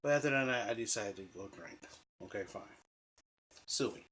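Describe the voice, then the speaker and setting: A man telling personal dating stories in a casual, animated, rambling way, swearing freely and restarting sentences. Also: fairly low pitch, normal speed, a little hiss or hum. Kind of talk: casual storytelling.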